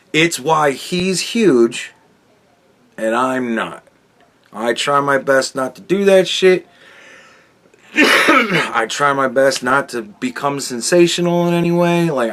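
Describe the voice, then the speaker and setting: This is a man in the middle of a casual commentary monologue. He talks bluntly and swears a lot. He often stumbles and restarts his sentences, in a voice of ordinary middle pitch. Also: fairly bright tone. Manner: blunt, heavy swearing, frequent restarts and stammers. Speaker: podcast host.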